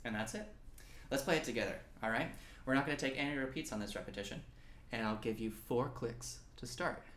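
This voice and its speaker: A man's voice: mid-range voice, fairly quick, a bit bright, reverberant, slight background noise. A young man from New Mexico teaching an online snare drum lesson, encouraging and counting aloud as he plays along. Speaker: percussion teacher. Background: snare drum and practice pad playing.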